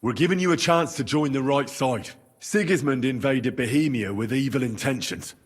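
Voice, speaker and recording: A man's voice: medium pitch, moderate pace, husky, close to an everyday voice. An actor playing an earnest young male hero in a video game cutscene. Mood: persuasive. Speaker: protagonist.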